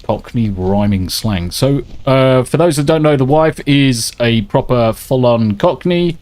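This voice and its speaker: Male game streamer, rambling, sweary, chatty, mid-pitched. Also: expressive, unhurried, a little mellow. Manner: swearing, rambling and chatty, reads out viewer messages. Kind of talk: casual gameplay chat.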